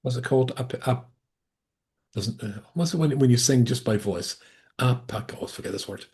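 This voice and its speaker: A man's voice: mid-range voice, normal speed, a little mellow. A male rabbi teaching a Torah class over a video call, talking in a digressive way with frequent restarts and asides.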